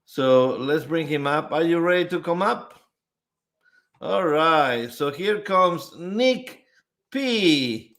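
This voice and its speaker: A man's voice: fairly high pitch, animated, slow pace, fairly bright tone. A man hosting a live stream in a casual chat style, greeting viewers one by one and reading out their comments. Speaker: livestream host.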